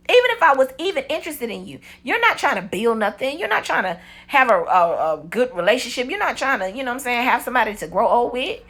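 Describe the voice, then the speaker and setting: A woman in her forties telling a storytime vlog in a blunt, profane, animated way. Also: on the high side, fast. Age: 40s. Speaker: vlogger. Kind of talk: casual storytime monologue.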